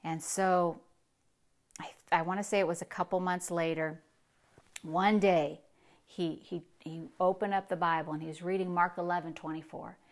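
A woman pastor delivering a sermon, telling a story in a voice that drops low and then rises with emphasis. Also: steady tone, normal speed. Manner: storytelling preacher, swings from hushed to emphatic.

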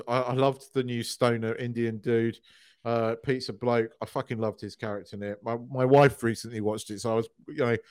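Man, podcast co-host, casual chat, mid-range pitch, animated, swears a lot, lots of restarts. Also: clean tone, no echo, clean studio sound.

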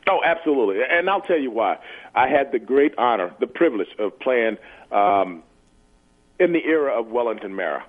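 A man's voice: medium pitch, expressive, moderate pace. An earnest man in his sixties, a former football player, talks as a phone-in guest. He often stumbles and repeats words while hunting for the right one. His voice comes through a narrow, tinny phone line. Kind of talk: phone interview.

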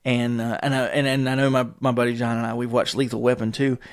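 A man's voice: medium pitch, flat delivery, quick pace, clear, resonant tone. A man hosting a podcast in a casual solo monologue, rambling from tangent to tangent with frequent swearing and chuckles. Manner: rambling, tangent-hopping, profane, chuckling often. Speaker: podcast host.

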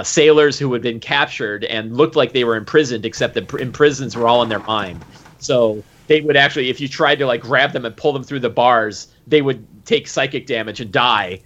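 A man who runs a tabletop game, recapping a session in casual, animated chat with lots of fillers. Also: medium pitch. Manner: animated, full of fillers and acted quotes. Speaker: game master. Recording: dull lo-fi recording.

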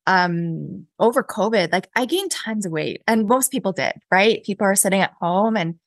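A woman, a podcast guest, recounting a personal story in a chatty, animated way with many fillers and laughs. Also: medium pitch, moderate pace, no room sound. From Canada. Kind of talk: casual interview storytelling.

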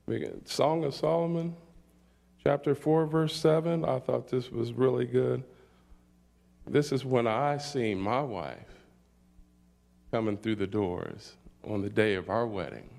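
Brief: middle-aged Midwestern male pastor, unhurried deliberate sermon delivery, mid-pitched voice. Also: vocal fry, darkish tone. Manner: slow, emphatic preaching with frequent "all right?" checks.

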